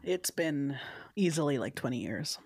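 A man's voice: on the high side, expressive, normal speed, darkish tone, slightly rough, no echo, clean studio sound. A man co-hosting a podcast in casual chat, giving short reactions and teasing jokes. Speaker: podcast co-host.

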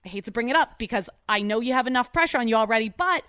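A woman's voice: a little high, lively intonation, rapid-fire, smooth, no room sound, clean studio sound, voice pushed up. A woman reading the part of a brassy young woman fed up with her fiancé, in a put-on New Jersey accent. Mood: exasperated. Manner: loud, exasperated, whiny complaining.

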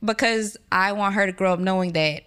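A young woman, a podcast guest, talking casually and telling animated stories with frequent laughter. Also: mid-range voice, a little fast, smooth.

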